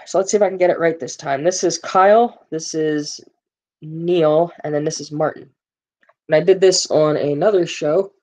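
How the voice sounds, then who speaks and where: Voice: mid-range voice, steady tone, moderate pace, darkish tone. A stream host casually going over game release notes, rambling with lots of fillers, reading numbers aloud and answering viewers in chat.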